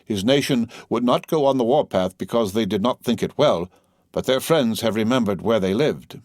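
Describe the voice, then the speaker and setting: A man reading a crafty, flattering war chief. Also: fairly low pitch, dry recording, studio quality, natural voice. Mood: scheming. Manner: slow, measured, flattering oratory. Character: crafty, persuasive male Huron war chief.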